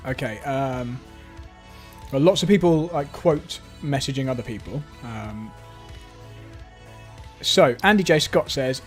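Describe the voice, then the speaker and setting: A man's voice: medium pitch, takes it slowly, long pauses. A man hosting a live stream, reading viewer comments aloud and joking about them. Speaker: stream host reading chat. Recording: intro music behind.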